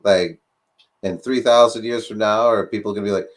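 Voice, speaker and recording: A man's voice: fairly low pitch, fairly even intonation, a little fast. A man in casual discussion, talking animatedly with lots of fillers and rhetorical questions.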